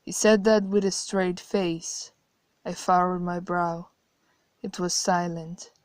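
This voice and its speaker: A woman narrating a horror story in a measured, quiet way. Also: fairly low pitch, steady tone, no echo.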